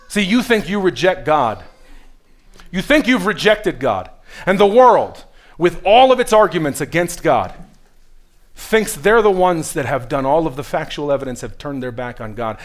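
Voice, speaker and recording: Pastor guy preaching, high voice, goes real quiet then gets loud and pushy. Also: big pitch swings, moderate pace, slight background noise. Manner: swings from hushed and quiet to loud and emphatic; earnest, pushes the listeners directly. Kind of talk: sermon.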